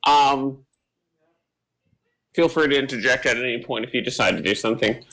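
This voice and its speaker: A man running a tabletop game as game master, narrating haltingly with many fillers and quick bursts when he explains rules. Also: medium pitch, fairly bright tone, low-quality recording.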